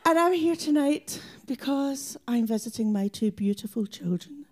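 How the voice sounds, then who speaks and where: A woman's voice: sits high, animated, moderate pace, a little mellow. A woman putting on a brash Glaswegian mum. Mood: brash comic. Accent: Scottish, Glaswegian. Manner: brash, mock-tough comic rant. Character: rough-talking older Glasgow mum.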